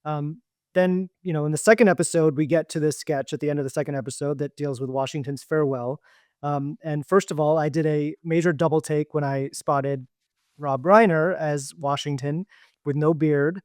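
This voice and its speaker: A man's voice: a little high, fairly even intonation, moderate pace, a little mellow, no echo, clean studio sound. A man hosting a podcast, asking long, thoughtful questions with many hedging fillers. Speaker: podcast host. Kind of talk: interview questions.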